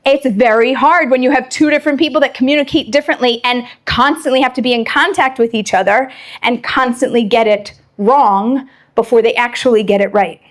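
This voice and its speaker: A woman giving a lively Torah lecture, acting out bits of quoted dialogue as she explains. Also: on the high side, a little fast. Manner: animated, acts out quoted dialogue.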